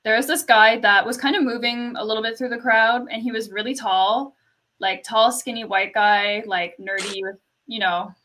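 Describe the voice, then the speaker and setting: A young woman from Canada tells a story in relaxed conversation. Her speaking voice is quiet and fairly high, with a bright, clear edge. She fills her sentences with "like" and small laughs. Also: normal speed, a little hiss or hum, rough recording. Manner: soft-spoken storyteller, lots of "like" and laughs. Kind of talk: casual chat.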